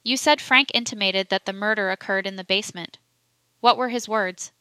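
A woman's voice: mid-range voice, normal speed, pushed and bright, clean tone, no echo, close to an everyday voice. A woman reading as an insistent male solicitor. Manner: pressing, emphatic questioning.

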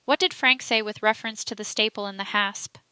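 Woman voicing a male prosecutor in a courtroom account, pressing, emphatic, bright clear tone. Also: mid-range voice, steady tone, brisk, no room sound, lightly acted. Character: forceful male prosecuting solicitor, insistent.

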